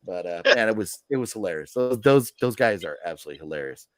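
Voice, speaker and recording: A man's voice: fairly low pitch, lively intonation, fast, no echo, studio quality. A man hosting a live movie news stream, telling stories in a rambling, chatty way with lots of fillers. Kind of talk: casual chat.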